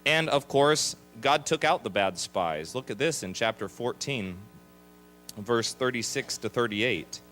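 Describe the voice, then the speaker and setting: A man preaching as a pastor, lively, with quick asides and acted-out complaining voices. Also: mid-range voice, soft background music. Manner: animated, acts out grumbling voices. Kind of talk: sermon. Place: chapel.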